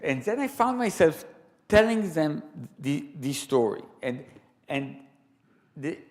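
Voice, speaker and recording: A man with an Israeli accent telling stories live to an audience in a large sanctuary, animated and full of laughing asides. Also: fairly high pitch, slow. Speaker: storyteller guest. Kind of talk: live storytelling talk.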